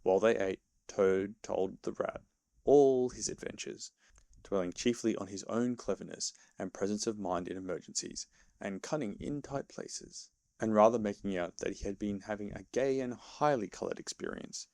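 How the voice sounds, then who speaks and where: Dad narrator for a bedtime storybook, calm measured reading, dry close sound. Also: male voice, on the low side, gravelly, no room sound. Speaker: father reading to his child.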